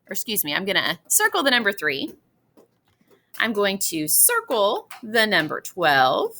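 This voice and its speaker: A woman's voice: medium pitch, pushed and bright. A woman teacher talking students through a math example, patient and encouraging. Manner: patient, encouraging, addresses students as boys and girls. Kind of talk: classroom math lesson walkthrough.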